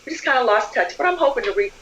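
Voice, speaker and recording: A woman's voice: a little high, racing, highs cut off, a little hiss or hum. An older woman, a community leader, telling stories in an interview and acting out the dialogue. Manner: animated storyteller, acts out quoted dialogue. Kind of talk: storytelling interview.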